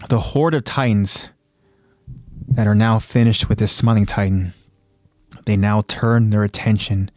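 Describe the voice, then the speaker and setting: Low-voiced man recapping a show episode. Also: a little mellow, dry recording, studio quality. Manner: plain storytelling with pauses and fillers. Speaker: podcast co-host.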